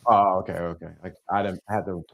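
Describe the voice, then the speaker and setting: A man's voice: deep voice, flat delivery, a little fast, a bit bright. A middle-aged man hosting a live-streamed talk, speaking with emphatic repetition and a preacher-like cadence. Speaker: host.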